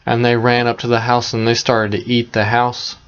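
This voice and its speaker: A man retelling a fairy tale in a plain, conversational, unhurried way, with small asides to the listener. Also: mid-range voice, completely flat delivery, clean tone, muffled recording. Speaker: storyteller.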